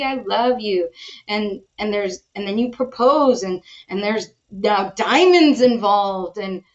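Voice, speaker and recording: A woman's voice: medium pitch, dull audio. A woman hosting a podcast, telling stories in casual chat and acting out the voices she quotes. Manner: animated storytelling, acts out quoted voices. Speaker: podcast host.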